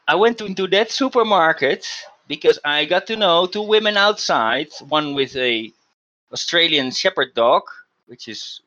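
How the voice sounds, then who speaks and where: A man's voice: fairly high pitch, bright, forceful tone, highs cut off. A man hosting a podcast, telling a story in a casual, emphatic way with frequent restarts. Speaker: podcast host.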